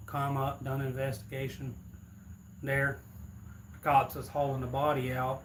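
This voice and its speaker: A man's voice: medium pitch, completely flat delivery, moderate pace, pauses often, a little hiss or hum, low-quality recording. Rambling storyteller, man. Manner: rambling, loose retelling. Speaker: streamer. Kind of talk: casual storytelling.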